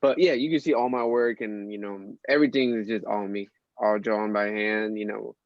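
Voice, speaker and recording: A man's voice: on the low side, steady tone, normal speed, no echo, dull audio. A man speaking as a podcast guest in casual chat, hesitant, with lots of ums and uhs.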